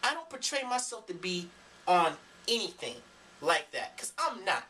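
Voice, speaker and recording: A man's voice: high-pitched, very animated, moderate pace, bright, forceful tone, distant mic. A young man ranting emphatically to his camera in a preachy, profane vlog monologue. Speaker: vlogger. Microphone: camera mic.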